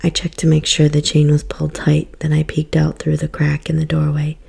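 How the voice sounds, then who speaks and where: A woman giving a soft, whispered ASMR book reading as storyteller. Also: deep voice, monotone, normal speed, creaky, slightly rough.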